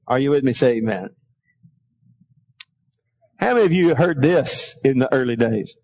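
A middle-aged man preaching a sermon, calling for responses from the congregation and telling folksy stories in a quieter aside voice. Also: lively intonation, normal speed. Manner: folksy storytelling, drops to a low aside. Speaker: pastor.

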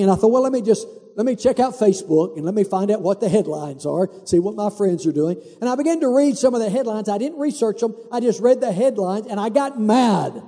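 A man's voice: sits high, warm tone. A man preaching a sermon as a pastor, emphatic and repeating lines for stress. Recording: long hall reverb.

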